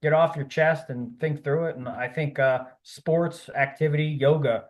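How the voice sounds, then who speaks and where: A man's voice: fairly high pitch, steady tone, moderate pace. A man talking as a podcast guest, rambling and encouraging, with many fillers and restarts. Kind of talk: casual interview talk.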